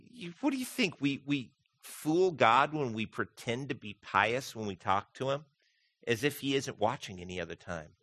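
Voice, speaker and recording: A man's voice: fairly high pitch, sharp tone, dry recording. A man preaching a conversational sermon as pastor, often asking his listeners direct questions. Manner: conversational, asks the congregation questions.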